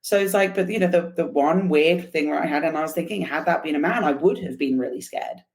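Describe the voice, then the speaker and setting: A woman's voice: deep voice, a little fast. A young adult woman, a podcast guest, telling a travel story in casual chat, acting out the other people's lines with many restarts. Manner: animated, acts out quoted dialogue, many restarts.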